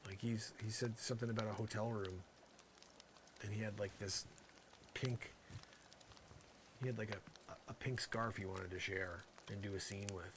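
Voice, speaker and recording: A man doing an improvised comic monologue, rambling and sarcastic, swinging between loud outbursts and muttered asides. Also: on the low side, noisy background. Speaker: comedian.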